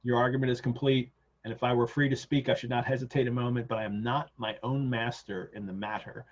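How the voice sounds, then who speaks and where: A man's voice: mid-range voice, steady tone, fast talker, lightly acted. A man reading aloud the lines of a desperate male asylum inmate pleading for release, over dull lo-fi video call audio. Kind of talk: reading a novel passage aloud.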